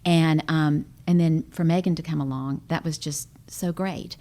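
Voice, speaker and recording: A woman with a low voice speaks thoughtfully and earnestly. She sounds like a guest in a relaxed podcast conversation. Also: normal speed.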